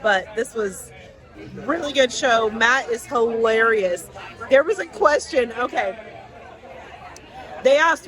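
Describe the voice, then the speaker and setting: A woman vlogging on a cruise ship, chatting excitedly about her day. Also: on the high side, slow, long pauses, rough recording. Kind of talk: casual vlog chat. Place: busy cruise ship lounge. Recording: crowd noise. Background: crowd chatter.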